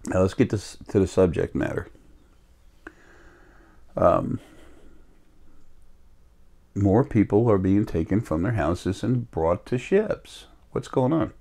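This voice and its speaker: Deep voiced guy, kinda sick and coughy, rambling on slow. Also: expressive, gravelly, mellow. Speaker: vlogger. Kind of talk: casual monologue.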